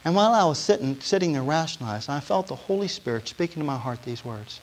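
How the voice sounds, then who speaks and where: Fields: Sex: man. Style: sermon testimony. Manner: storytelling, quiet to fervent. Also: on the high side, animated, quick pace, poor audio. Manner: storytelling, asks the audience questions; swings from quiet to loud and emotional. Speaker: preacher.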